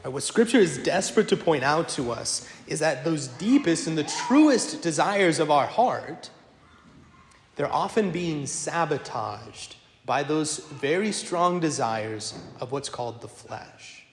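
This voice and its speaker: Priest preaching, animated and wry, fairly high voice, echoey church. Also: male voice, slight background noise. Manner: animated, self-deprecating humor, quick asides. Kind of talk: lively sermon with storytelling. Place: large church.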